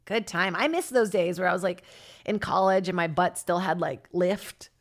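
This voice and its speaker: A woman in her thirties hosting her own podcast, telling rambling self-deprecating stories in a casual comedy monologue. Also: moderate pace. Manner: rambling, self-deprecating, breaks into laughter, lively jumps in pitch. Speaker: podcast host and stand-up comic.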